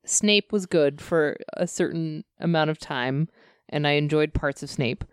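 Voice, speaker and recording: A woman's voice: low-pitched, a little slow, smooth, no room sound. Chatty woman podcast co-host, dry sound. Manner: chatty, laughs often, opinionated. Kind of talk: casual chat.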